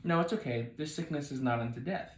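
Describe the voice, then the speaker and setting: A gentle, easygoing Jesus who talks like a modern friend, voiced by a man telling a children's story. The delivery stays plain and conversational. It sounds like a bedroom with noticeable echo. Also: medium pitch, quick pace, close to an everyday voice. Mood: calm.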